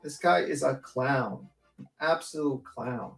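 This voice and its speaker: A woman's voice: very deep voice, slow, creaky. Ranting woman on an echoey stream. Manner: blunt, swearing, ranting. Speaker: livestream panelist. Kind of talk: casual chat. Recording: echoey room.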